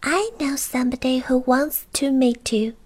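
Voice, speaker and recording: A woman voicing a tiny, mischievous male goblin in a storybook reading, with a squeaky, teasing, sing-song manner. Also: normal speed.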